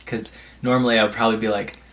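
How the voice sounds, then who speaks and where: A man's voice: on the low side, level tone, very fast, a bit bright. A man on a podcast, chatting casually and rambling through anecdotes with lots of filler words.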